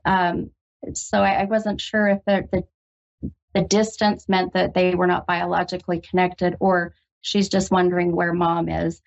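Gravelly-voiced woman giving a gentle psychic reading. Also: fairly low pitch, flat delivery. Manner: halting, full of ums, gentle and reassuring. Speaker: psychic medium host. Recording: dull lo-fi radio recording.

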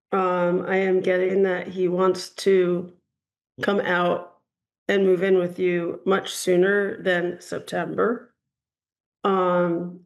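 A woman's voice: fairly low pitch, vocal fry, highs cut off. A woman hosting a call-in show as a psychic reader, talking in a chatty, meandering way with frequent ums. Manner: chatty, hedging, frequent ums and "I'm getting". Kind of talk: casual call-in reading.

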